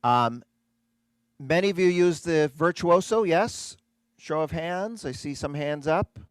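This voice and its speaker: A man presenting and demonstrating an organ in a live online show, talking excitedly and chatting with his viewers. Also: a little high, a little slow, clean tone, no room sound. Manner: excitable, chatty, addresses audience as folks. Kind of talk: enthusiastic live-streamed product demo.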